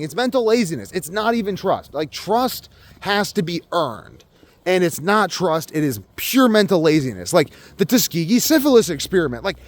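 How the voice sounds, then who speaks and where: Profane ranting young man, lively pitch. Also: no echo. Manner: profane, emphatic ranting with many fillers. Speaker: vlogger. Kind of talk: ranting monologue to camera.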